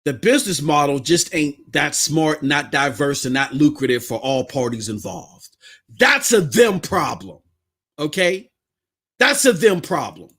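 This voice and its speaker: A man's voice: high voice, sharp tone. A man with a Southern US accent, hosting a podcast and ranting in blunt, fiery, slangy commentary. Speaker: podcast host. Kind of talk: heated commentary rant.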